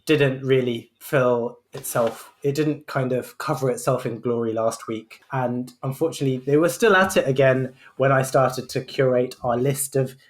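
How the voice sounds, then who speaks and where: A man's voice: mid-range voice, normal speed, few pauses. A man hosting a casual medical podcast, chatting and bantering with many fillers. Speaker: podcast host. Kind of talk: casual chat.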